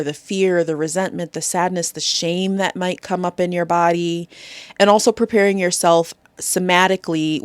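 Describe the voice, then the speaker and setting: A woman hosting a solo podcast, talking through advice in a gentle, encouraging, conversational way, often checking in with "right?". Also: on the low side, no room sound. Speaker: podcast host. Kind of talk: solo podcast coaching talk.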